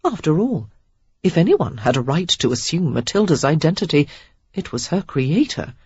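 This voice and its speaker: Husky, animated audiobook narrator, dry lo-fi sound. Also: medium pitch, normal speed. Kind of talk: scripted narration.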